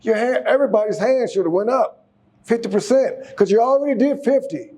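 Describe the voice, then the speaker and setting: High-voiced, mellow-toned man preaching. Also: fairly quick. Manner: exhorting, repeats and restarts words, coaxes the audience to respond. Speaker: speaker giving a class. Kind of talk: casual sermon to a congregation.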